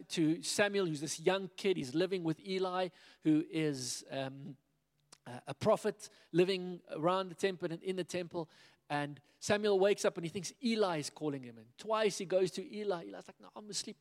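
A man preaching a sermon in a lively way, acting out the dialogue of biblical figures as he retells the stories. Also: high-pitched, moderate pace. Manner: animated, acts out biblical dialogue in quoted voices. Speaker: pastor. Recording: long hall reverb.

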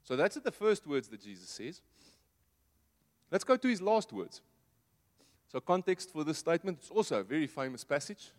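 Conversational preacher in a reverberant hall. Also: male voice, very animated, moderate pace, pauses often. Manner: conversational, asks the audience rhetorical questions; drops to a soft low voice for emphasis. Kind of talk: sermon.

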